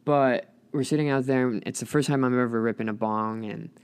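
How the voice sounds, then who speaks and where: A young man telling a story in casual chat, animated, often laughing and swearing. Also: mid-range voice, a little fast, clean tone. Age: young adult. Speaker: guest.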